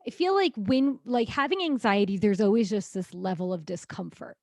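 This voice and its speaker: A woman's voice: mid-range voice, animated, normal speed, vocal fry, a little mellow, no room sound, clean studio sound. A woman co-hosting a podcast, chatting casually and backing her partner with frequent agreement and laughter. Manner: supportive listener, frequent yeahs and laughs. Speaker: podcast co-host.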